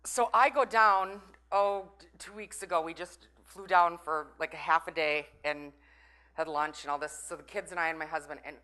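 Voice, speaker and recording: A woman's voice: sits low, fairly even intonation, moderate pace, pushed and bright. A middle-aged woman from Minnesota, giving a chatty, playful motivational talk and teasing the audience. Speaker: conference breakout speaker.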